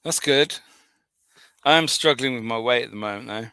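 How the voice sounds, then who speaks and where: A man's voice: medium pitch, moderate pace, bright, forceful tone, clean tone, no echo. A man co-hosting a podcast, chatting casually and jokily, laughing often and swearing freely. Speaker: podcast co-host. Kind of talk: casual chat.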